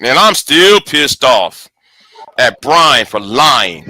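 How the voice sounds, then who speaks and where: A man's voice: mid-range voice, big pitch swings, takes it slowly, sharp tone. A man hosting his channel in a casual, profane, angry rant, stumbling and repeating words. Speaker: channel host.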